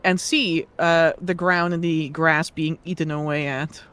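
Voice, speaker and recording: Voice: mid-range voice, fairly even intonation, measured pace, a bit bright, clean tone. A game master narrating a tabletop fantasy game in a casual way, with many fillers and laughs.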